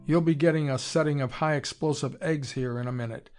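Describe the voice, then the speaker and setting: A man voicing a hotheaded young fighter pilot who shouts urgent orders and demands. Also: fairly high pitch, fairly even intonation, a little fast, faint music behind, natural voice. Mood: shouting.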